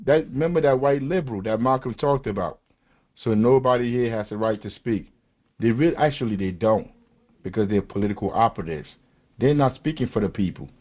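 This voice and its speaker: A man's voice: mid-range voice, fairly quick. Guy hosting a call-in show, heated and emphatic, kinda muffled lo-fi line, mid voice. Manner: impassioned, emphatic, street-casual. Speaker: podcast host. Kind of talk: passionate political talk.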